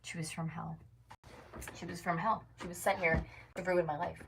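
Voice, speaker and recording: Exasperated young woman venting, low voice. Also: flat delivery, moderate pace, creaky, background noise. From North America. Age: 20s. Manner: exasperated, venting, swears often, many fillers like "like". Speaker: vlogger. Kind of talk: casual storytime rant.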